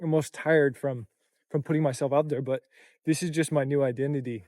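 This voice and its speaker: A man's voice: medium pitch, steady tone, a little fast, darkish tone, no room sound, studio quality. A young man talking to camera in a casual vlog, tired, reflective, and full of loose run-on phrases. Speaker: content creator and coach.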